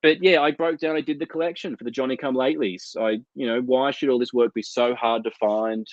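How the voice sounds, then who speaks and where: A man's voice: medium pitch, steady tone, a little fast, no room sound. A man co-hosting a casual comics chat over a video call, telling rambling, profane anecdotes. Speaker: co-host of a comics chat show. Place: home out in the desert. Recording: dull lo-fi video call audio.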